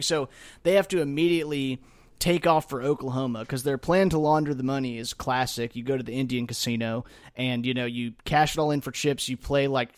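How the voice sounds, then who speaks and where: A man's voice: medium pitch, a little fast, no room sound. A man recapping a movie in casual chat, acting out characters' lines as he tells the story. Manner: animated retelling, acts out lines with a raised voice. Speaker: podcast co-host.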